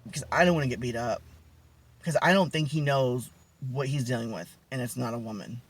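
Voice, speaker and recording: A man vlogging, telling a personal story casually with many fillers, restarts and dramatic pitch swings. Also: a little fast, slightly rough.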